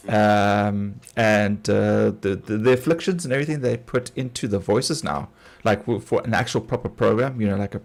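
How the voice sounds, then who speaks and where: A man's voice: lowish voice, moderate pace, vocal fry, hardly any pauses. A middle-aged man from South Africa with a South African accent, chatting casually on a game stream, rambling with lots of fillers and laughing often. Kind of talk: casual gaming chat.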